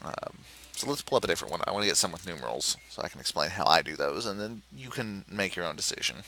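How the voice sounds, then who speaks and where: A man with a lowish, bright, forward voice guides viewers through a puzzle game in a relaxed tutorial. He thinks aloud as he goes, filling pauses with "uh" and restarting sentences to clarify. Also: a little hiss or hum, low-quality recording. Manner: explanatory, thinking aloud with frequent "uh" and self-corrections. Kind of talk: screen-recorded game tutorial.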